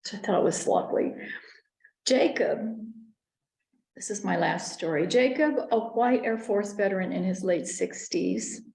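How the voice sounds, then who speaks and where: Earnest woman speaker, mid-pitched with vocal fry, storytelling lecture in a roomy space. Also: darkish tone. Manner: earnest, narrates personal stories with small restarts. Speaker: conference speaker.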